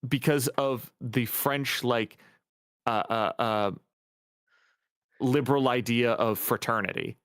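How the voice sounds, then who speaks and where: A man's voice: medium pitch, fairly even intonation, slow, pauses often, fairly bright tone, clean tone, no room sound, studio quality. A man in a book club chat, rambling and joking as he explains. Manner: rambling, jokey. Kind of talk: casual group chat.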